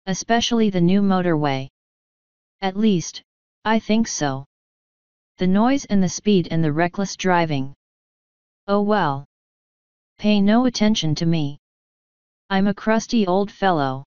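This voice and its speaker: A woman's voice: mid-range voice, animated, unhurried, pauses often, a little mellow, smooth, no room sound, lo-fi sound, natural voice. A woman reading the part of an elderly, rheumatic country vicar who speaks pleasantly and a little sadly. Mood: rueful. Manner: pleasant, sad, apologetic. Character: elderly male vicar, gentle, rheumatic, mildly grumbling.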